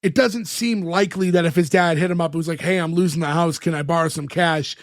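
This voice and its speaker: High-voiced man recapping a sitcom. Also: steady tone, no echo, studio quality. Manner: recounts scenes with quick acted-out quotes. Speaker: podcast co-host. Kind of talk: casual chat recapping a sitcom episode.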